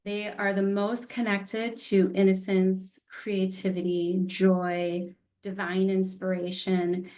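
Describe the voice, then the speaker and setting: A woman's voice: mid-range voice, flat delivery, takes it slowly, darkish tone. A middle-aged woman teaching an online healing class, chatty and candid, laughing easily. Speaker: workshop teacher.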